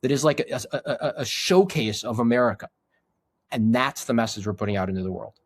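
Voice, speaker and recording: A man's voice: fairly low pitch, moderate pace, no echo, clean studio sound. A middle-aged man and podcast guest who speaks earnestly and reflectively about his men's groups, often restarting his sentences. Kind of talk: casual conversation.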